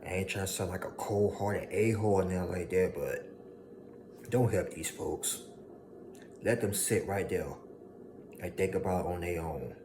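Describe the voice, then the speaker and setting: A man delivers an emphatic motivational monologue, hammering home his points by repetition. His voice sits low and deep. A steady hiss of background noise runs under it. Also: normal speed. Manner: preachy, emphatic, repeats lines for effect, mocking voices of haters. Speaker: motivational speaker.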